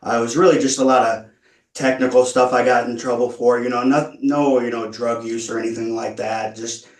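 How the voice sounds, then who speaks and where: A man speaking at a parole hearing, earnest and halting, stumbling through many restarts as he explains himself. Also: medium pitch, little pitch movement. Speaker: parole applicant. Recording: echoey room, far from mic.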